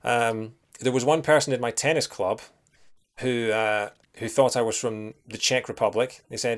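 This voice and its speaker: A young man with a soft Scottish accent, chatting casually and thinking aloud while streaming a retro game, greeting viewers as he goes. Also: medium pitch, steady tone, normal speed. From Scotland. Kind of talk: casual live-stream commentary.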